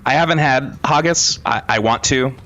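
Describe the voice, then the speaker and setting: A man's voice: medium pitch, moderate pace, sharp tone, highs cut off. A man from Florida streaming a game and chatting casually, rambling and self-mocking, often trailing off mid-sentence. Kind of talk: casual chat while gaming.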